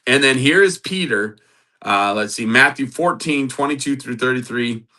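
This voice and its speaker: Guy preaching a bible lesson, bright voice, keeps repeating stuff for punch. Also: mid-range voice, normal speed. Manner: builds to emphatic repetition; reads scripture aloud. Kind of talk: sermon-style Bible teaching.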